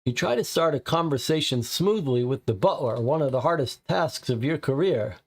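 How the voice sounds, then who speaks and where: A man's voice: mid-range voice, lively intonation, normal speed, hardly any pauses. A man narrating a noir tabletop game for viewers, with chatty asides. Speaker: game host playing a solo noir case.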